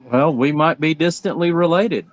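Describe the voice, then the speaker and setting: A man's voice: a little high, normal speed, no room sound, poor audio. Earnest man talking family history. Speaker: guest. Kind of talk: casual chat.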